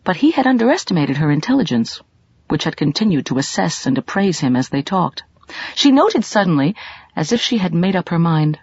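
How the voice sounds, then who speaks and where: A woman narrating a mystery audiobook in an expressive, storytelling manner. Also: on the low side, brisk, husky, dry recording, highs cut off.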